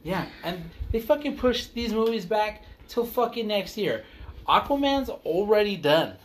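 A man's voice: sits high, lively intonation, a little slow. A man co-hosting a casual podcast, ranting heatedly and swearing often. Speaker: podcast co-host.

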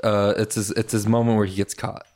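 A man's voice: lowish voice, flat delivery, fairly quick, a little mellow. A man hosting a casual, bantering podcast chat about a novel. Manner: playful, bantering. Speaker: podcast host. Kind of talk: casual book-review chat.

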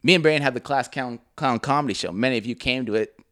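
A man's voice: mid-range voice, fast talker, dry recording, studio quality. A young man, co-hosting a podcast and telling stories in a casual, swearing, giggly way. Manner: animated, swearing, giggling, mimics voices in stories. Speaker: podcast co-host. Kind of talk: casual storytelling chat.

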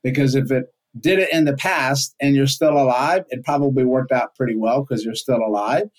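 A man's voice: mid-range voice, normal speed. A man on a podcast, explaining ideas in a conversational way with everyday examples and frequent rhetorical questions. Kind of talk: casual explanatory chat.

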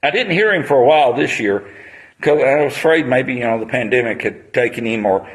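A man's voice: mid-range voice, a little fast, poor audio. A man, preaching a sermon on a Bible passage in a conversational storytelling manner.

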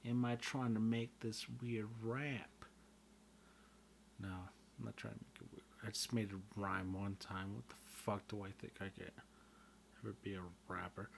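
A man talking casually on his own, joking and swearing a lot, often getting loud and worked up. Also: fairly low pitch, unhurried, vocal fry, slight background noise. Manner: profane, joking, self-deprecating, swings loud and excited. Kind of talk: casual rambling monologue.

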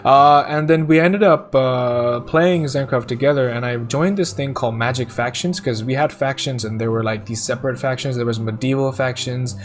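A man's voice: mid-range voice, normal speed, hardly any pauses. A young man hosting a casual podcast, rambling through stories with frequent laughter and restarts. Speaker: podcast host.

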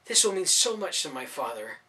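A man's voice: fairly high pitch, sing-song, fairly quick, sharp tone, heavily acted. A man voicing a bold, spirited young woman in a storybook reading, speaking earnestly and rousingly. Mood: lively. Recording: voice from a distance off mic.

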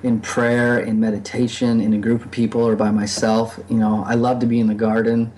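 A man's voice: on the low side, flat delivery, a little fast, darkish tone, slight background noise. A man speaking reflectively in a casual podcast conversation, with many fillers and restarts. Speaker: podcast guest.

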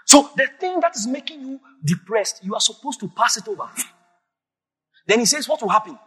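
A man preaching a sermon as a pastor, emphatic and breaking into sudden shouts. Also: extremely high pitch, sing-song, a little fast, breathy edge, faint music behind. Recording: long reverb of a large hall.

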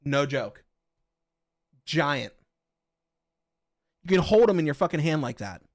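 A man from Western Pennsylvania hosting a podcast, chatting casually with his viewers in loud, profane, excitable rants. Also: fairly high pitch, takes it slowly, no room sound, clean studio sound. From Western Pennsylvania, USA. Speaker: podcast host. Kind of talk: casual chat with live chat.

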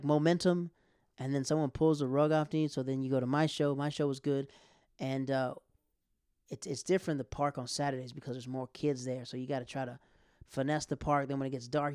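A young man, a stand-up comic telling stories in a casual chat, animated, laughing often and acting out what people said. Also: mid-range voice, clear, resonant tone, no room sound, studio quality. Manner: animated, quick bursts, laughs often, acts out quotes. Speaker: stand-up comic and podcast host.

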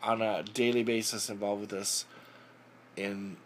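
A man's voice: on the low side, flat delivery, unhurried, slight background noise. Middle-aged man from Southern California, interview guest, rambling and self-correcting. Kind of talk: casual life-story interview.

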